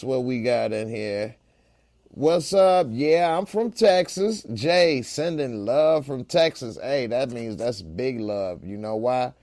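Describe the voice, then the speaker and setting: A man's voice: medium pitch, darkish tone, dry recording, clean studio sound. A man hosting a casual live-stream, joking around and reading out chat comments in a laid-back way. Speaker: podcast host.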